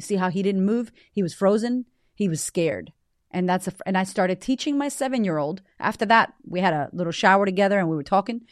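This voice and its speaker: A woman's voice: mid-range voice, brisk, dry recording. Woman, 30s, podcast host. Blunt, emphatic, casual swearing, close dry sound. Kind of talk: casual motivational talk.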